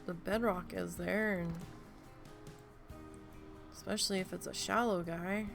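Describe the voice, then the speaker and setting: A woman's voice: lowish voice, fairly even intonation, measured pace, gravelly, music in the background. A woman live-streaming a game, chatting casually and telling rambling stories with plenty of swearing. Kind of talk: casual live-stream chat while playing.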